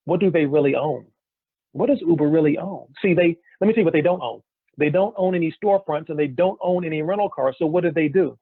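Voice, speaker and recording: A man giving an energetic sales pitch, firing off rhetorical questions to his listeners. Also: slightly rough, no room sound. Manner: energetic, rhetorical questions, keeps saying "guys". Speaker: business opportunity presenter. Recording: tinny phone-like dry recording.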